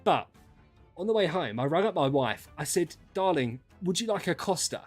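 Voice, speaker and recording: Animated British streamer ranting. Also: male voice, fairly high pitch, moderate pace, faint music behind. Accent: British English. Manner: animated, swearing, exasperated. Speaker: gaming streamer. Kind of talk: casual storytelling rant.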